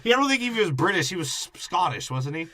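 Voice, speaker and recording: A man's voice: sits high, very animated, fast, bright, forceful tone, no room sound, studio quality. A man co-hosting a podcast, giving a crude, profane movie breakdown and acting out characters in mocking voices. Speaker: podcast co-host.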